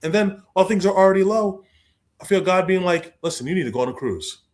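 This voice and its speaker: A young adult man, a guest author telling stories in a lively way, acting out the people he quotes. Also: high-pitched, fast talker, noisy background. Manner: expressive, acts out quoted voices, repeats words. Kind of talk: animated storytelling in conversation.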